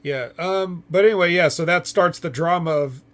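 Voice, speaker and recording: A man with a somewhat raised voice co-hosts a relaxed podcast, walking through a recap. He hesitates often and fills pauses with ums and uhs as he goes. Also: a little high. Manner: hesitant, filler-heavy recapping. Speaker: co-host.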